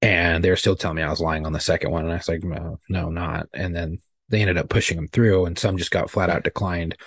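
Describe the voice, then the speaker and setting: A man with a husky, low voice tells stories in a heated, swearing rush. The sound is dry and close, with no room around it. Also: steady tone, quick pace, a bit bright, dry recording. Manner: heated, profane storytelling. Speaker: podcast co-host. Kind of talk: casual chat.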